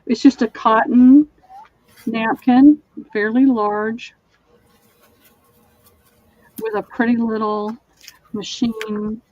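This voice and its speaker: A woman's voice: a little high, darkish tone, dull audio, a little hiss or hum. A woman with a Southern accent hosting a live online sale, chatting as she describes linens in detail. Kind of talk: live-stream selling chat.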